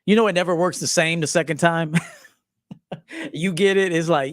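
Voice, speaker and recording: A man in his forties, a men's life coach, telling stories in a profane, animated casual monologue, acting out quotes. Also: on the high side, normal speed, long pauses, dry recording, studio quality. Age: 40s. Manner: profane, animated storytelling with acted quotes and laughs.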